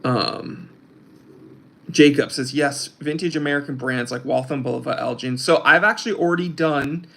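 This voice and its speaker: A young man chats casually as host of a livestream. His voice sits at a middling pitch, and he rambles with plenty of fillers and restarts as he reads out chat messages. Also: fairly even intonation, moderate pace, creaky, a bit bright. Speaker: host of a watch channel, reading live chat.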